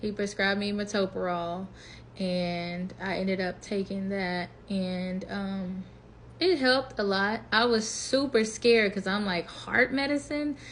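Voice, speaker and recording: A vlogger in her 20s with a mid-range voice takes her time, with a little background noise behind her. She chats through a personal story in an animated way, quoting both her inner voice and her spoken lines.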